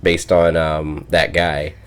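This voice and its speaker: Very deep-voiced man, hesitant casual chat. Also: level tone, slow pace, fairly bright tone, clean tone. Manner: hesitant, full of fillers and restarts, playful teasing. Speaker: podcast co-host.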